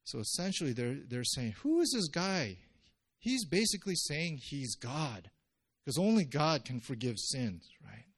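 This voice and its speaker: A male pastor giving a conversational sermon, jumping his pitch up when he acts out quotes. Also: very animated, a little slow, breathy edge.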